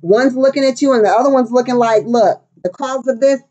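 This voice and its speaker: The audio is dull, and the woman's high-pitched voice sounds mellow and brisk. A middle-aged tarot reader, she gives a casual, crude, brash reading while fooling around with silly voices and snippets of song.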